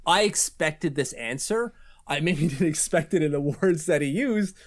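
A man's voice: fairly high pitch, animated, moderate pace. A man co-hosting a casual hockey podcast, talking loosely and laughing often. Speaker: podcast co-host.

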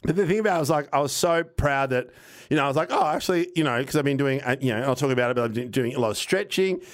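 A man, telling a casual, animated anecdote on a podcast, acting out what people said and swearing now and then. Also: mid-range voice, rapid-fire. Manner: animated, rambling anecdote with acted-out quotes and swearing. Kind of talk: casual storytelling chat.

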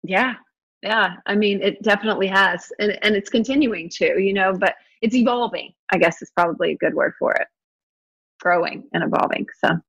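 A woman's voice: mid-range voice, brisk, a bit bright, husky. A woman hosting a podcast, chatting casually and effusively, with lots of fillers and frequent laughter. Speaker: podcast host.

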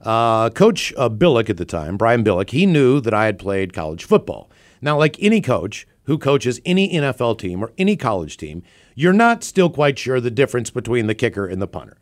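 Animated, profane man telling a story. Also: medium pitch, moderate pace. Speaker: podcast co-host. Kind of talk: casual storytelling chat.

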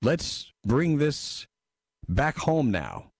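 A man's voice: medium pitch, big pitch swings, drawn-out words, darkish tone, no room sound. A man hosting a talk radio show, reading listener messages and giving wry, emphatic commentary into a studio microphone.

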